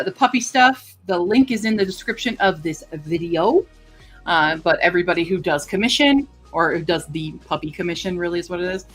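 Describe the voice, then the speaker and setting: A woman livestreamer chatting casually with her viewers, rambling and filling pauses with lots of ums and uhs. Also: medium pitch, fairly bright tone. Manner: chatty and rambling, with many fillers. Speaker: livestreamer greeting chat. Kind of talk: casual live-stream chat.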